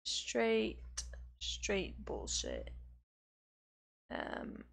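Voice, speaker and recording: A woman's voice: medium pitch, wildly swooping pitch, drawn-out words, vocal fry. A woman streaming a game, swearing often and ranting about the game. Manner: swears a lot, frustrated ranting. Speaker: let's play gamer. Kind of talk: casual game commentary. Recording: loud game music underneath.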